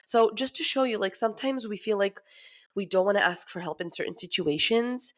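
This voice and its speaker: A woman's voice: medium pitch, brisk. A woman in her thirties hosting a casual podcast, chatty and candid, often laughing as she talks. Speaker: podcast host. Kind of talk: casual chat.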